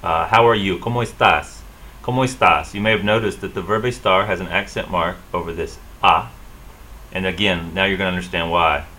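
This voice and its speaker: Low bright-sounding guy teaching spanish stress, repeats words over and over, bit of hiss behind. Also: steady tone, low-quality recording. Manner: slow, drilling repetition of words. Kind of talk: classroom lesson.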